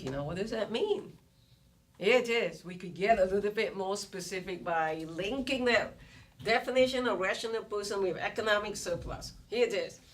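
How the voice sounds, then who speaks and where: A woman lecturing on economics, explaining terms step by step, asking rhetorical questions and acting out what students might say. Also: mid-range voice. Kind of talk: recorded lecture. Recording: distant mic with faint room ambience.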